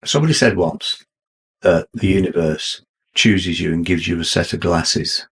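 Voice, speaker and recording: A man hosting a podcast interview, asking measured, thoughtful questions. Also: deep voice, a bit bright, husky.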